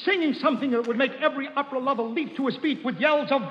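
A man's voice: extremely high pitch, racing. A man hosting a 1940s radio variety comedy, bantering and joking brashly. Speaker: host. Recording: dull 1940s radio broadcast in a hall.

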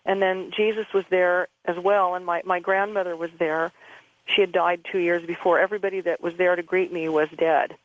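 Woman, interview guest, calm and halting, even flat delivery, muffled phone-line sound. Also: lowish voice. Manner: calm, halting, repeats words. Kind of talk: recounting a personal experience.

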